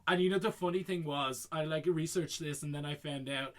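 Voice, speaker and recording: A man co-hosting a podcast, chatting casually about a film, quick and laughing. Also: a little high, heavy background noise. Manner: quick, laughing, acts out movie lines. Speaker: podcast co-host.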